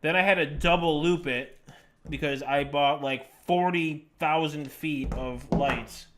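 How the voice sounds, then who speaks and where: A man's voice: on the high side, unhurried, a little hiss or hum. A young man chatting casually on a live stream, joking and self-deprecating as he talks to his cats and to viewers.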